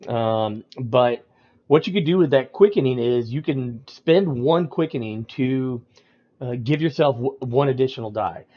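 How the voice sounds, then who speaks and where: A man's voice: medium pitch, measured pace, highs cut off. Rambling man explaining game rules. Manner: rambling, many ums and restarts. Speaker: storyteller explaining game mechanics. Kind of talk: casual livestream talk.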